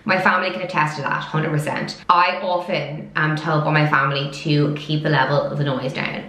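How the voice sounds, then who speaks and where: A woman of twenty-five chatting to camera in a fast, loud, storytelling way. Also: sits low, fairly even intonation. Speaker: vlogger. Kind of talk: casual chat to camera. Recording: echoey room.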